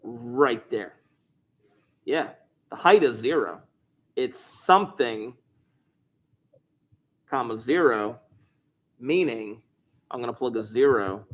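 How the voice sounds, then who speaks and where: A man's voice: medium pitch, animated, slow pace, pauses often. Man, math teacher, class review lesson, chatty, jokey, thinks aloud.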